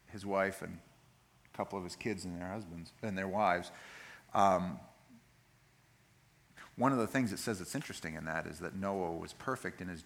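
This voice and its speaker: A man's voice: deep voice, vocal fry, fairly bright tone. A male pastor giving a sermon, reading scripture and explaining it in a conversational, plain-spoken way.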